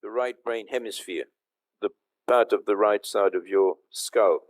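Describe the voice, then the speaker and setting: Speaking at a measured pace in a voice on the low side, an older man, a professor, lectures at an online conference. He walks through the material step by step, pausing to make sure his audience can hear him.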